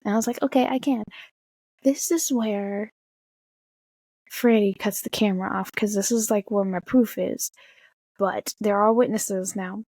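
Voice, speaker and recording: A young woman casually telling an excited, swear-filled story, jumping high in pitch when she quotes herself. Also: no room sound. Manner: excited, swearing, talks fast with big pitch jumps when quoting. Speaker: vlogger.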